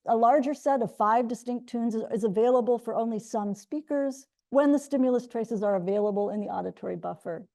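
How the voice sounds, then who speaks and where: A middle-aged woman delivers an academic lecture in a measured, explanatory way. Her voice sits a little high but sounds mellow, with a gravelly fry running through it. She often restarts and corrects herself mid-sentence. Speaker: linguistics researcher giving a colloquium talk. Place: lecture room.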